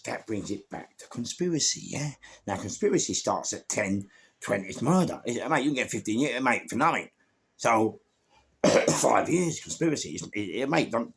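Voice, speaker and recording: Gravelly deep man telling stories. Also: slight background noise. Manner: slangy, rambling, repeats himself, coughs now and then. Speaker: storyteller. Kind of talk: rambling anecdote.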